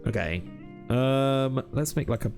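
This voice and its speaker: A man's voice: mid-range voice, unhurried, creaky, darkish tone, soft background music. A young British man streaming a game, chatting casually with viewers and rambling between ums. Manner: rambling, chatty, lots of ums, reads chat aloud. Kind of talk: casual live-stream chat.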